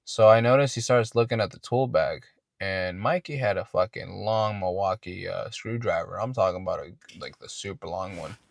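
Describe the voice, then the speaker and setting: A man's voice: low voice, normal speed, creaky, no echo, clean studio sound. A man hosting a podcast and telling a casual, rambling story, swearing often and restarting his words. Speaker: podcast host.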